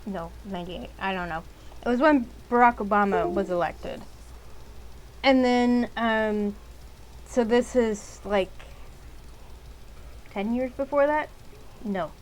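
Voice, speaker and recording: A woman's voice: medium pitch, slow, pauses often, slight background noise, rough recording. A woman playing a game, reading its text and rambling in casual, exasperated commentary. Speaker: game streamer. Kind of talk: casual let's-play commentary.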